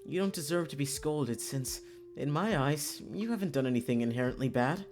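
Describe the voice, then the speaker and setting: A streamer voicing a gentle, soothing young man while reading a visual novel aloud. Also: mid-range voice, expressive, normal speed, music in the background, close to an everyday voice.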